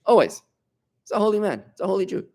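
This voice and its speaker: A middle-aged man, a rabbi, giving an informal Torah class in an animated, emphatic way, bantering with his listeners. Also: high voice, fast.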